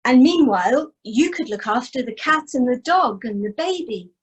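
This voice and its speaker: A woman's voice: high-pitched, expressive, moderate pace. A woman voicing Morag, a resourceful young mother in a told folk tale, fretful and coaxing. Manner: fretful, pleading, then coaxing.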